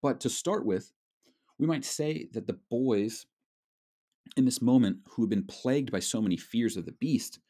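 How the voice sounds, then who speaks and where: A man lecturing on a novel in a measured, explanatory way, with frequent fillers. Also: medium pitch, dark tone, breathy edge. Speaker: literature lecturer. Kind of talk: recorded lecture.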